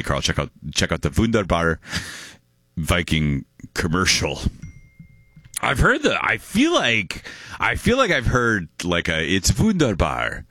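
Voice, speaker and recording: A man's voice: very deep voice, pushed and bright, no room sound, clean studio sound. A man hosting a radio show, chatting playfully with many restarts and laughs. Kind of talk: casual on-air banter.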